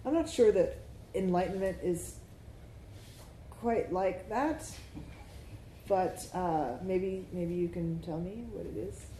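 A woman meditation teacher leads a dharma talk at an unhurried pace, her voice mellow and a little low. She keeps checking in with the group as she goes. The room is echoey, with a faint hiss behind her. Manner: slow, reflective, often asks "right?".

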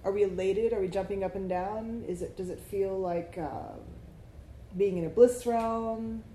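A woman's voice: mid-range voice, unhurried, dark tone. A woman meditation teacher giving a reflective dharma talk, drawing answers from the group and often checking in with "right?". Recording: echoey room, faint background noise.

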